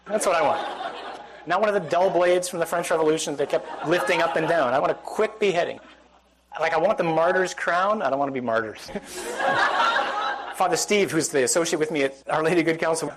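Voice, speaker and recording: Brisk and very animated, a Catholic priest with a fairly high pitch jokes and chats with a live audience in a church or hall, often putting questions to them. It's a rough recording.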